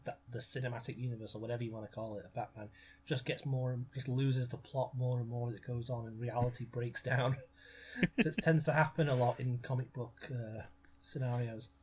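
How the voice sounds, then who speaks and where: A man's voice: medium pitch, steady tone, fairly quick. A man co-hosting a casual film commentary, joking around and eating while he talks. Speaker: commentary co-host.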